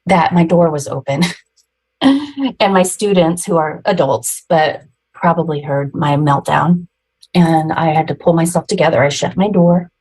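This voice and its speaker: A woman's voice: low voice, steady tone, unhurried, darkish tone, breathy edge, rough recording. A woman in her forties, a podcast guest, retelling a personal story emotionally and ramblingly, with nervous laughs.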